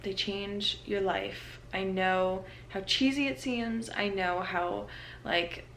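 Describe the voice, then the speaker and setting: A woman's voice: mid-range voice, steady tone, slow pace, fairly bright tone, a little hiss or hum. A young woman vlogging casually from her apartment, chatty and self-aware, with many fillers. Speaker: lifestyle vlogger. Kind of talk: casual vlog chat.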